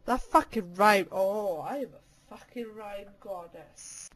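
Speaking at a medium pitch, a little slowly and with a slightly bright tone, a young woman makes casual voice clips on a handheld mic at home. She's in a cold room, giggling, cursing and teasing in a playful way.

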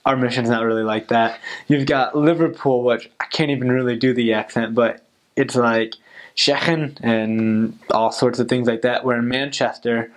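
A young American man, a returned missionary, giving casual advice in a chatty way full of "like" fillers. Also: mid-range voice. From United States.

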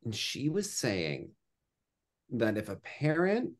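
A man hosts a podcast and teases his guest in good fun. His pitch swings widely as he talks. The tone stays casual and playful. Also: huge pitch swings, slow. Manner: playful, teasing. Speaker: podcast host. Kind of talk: podcast discussion.

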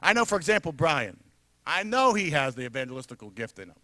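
Man, New York area accent, pastor preaching, fairly high voice, dry close sound. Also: quick pace, no echo. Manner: animated, emphatic preaching with frequent laughs. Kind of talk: sermon. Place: church sanctuary.

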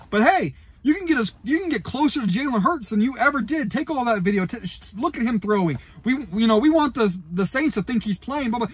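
A man rants furiously to camera as a frustrated fan, swearing and bursting into shouts. His voice sits high and swings wildly in pitch, with a husky edge. The sound is dry and close. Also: lively intonation, a little fast, few pauses. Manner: furious, profane, ranting with shouted outbursts. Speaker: YouTuber and football fan. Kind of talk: angry fan rant to camera.

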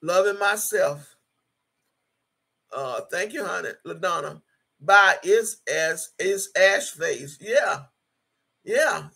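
Woman on a livestream reading chat comments out loud, gravelly husky voice, blunt and swears a lot, then prays. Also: fairly low pitch, slow pace. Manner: blunt and emphatic, swears freely, switches into prayer. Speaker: YouTube live streamer.

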